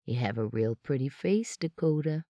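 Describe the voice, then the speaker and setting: A reader voicing Justin, a slow, menacing thug. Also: male voice, animated, dark tone, no echo, lightly acted. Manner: slow, low and threatening. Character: menacing young male thug with a switchblade. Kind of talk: audiobook character voice.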